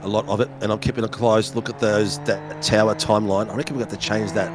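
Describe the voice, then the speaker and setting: Croaky race commentator. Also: male voice, lowish voice, steady tone, quick pace, music in the background. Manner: rambling, casual, jokey. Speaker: sim racing commentator. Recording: loud race car engine noise behind.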